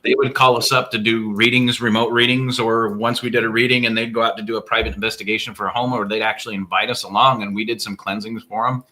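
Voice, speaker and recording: A man who is a guest on a paranormal podcast, telling stories in an animated way and finishing his partner's sentences in casual chat. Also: lowish voice, fast, hardly any pauses.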